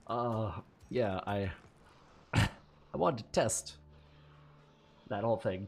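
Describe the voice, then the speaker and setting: A man's voice: lowish voice, lively intonation, drawn-out words, pauses often. A man giving casual gameplay commentary, thinking aloud, swearing freely and laughing often. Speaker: gameplay streamer.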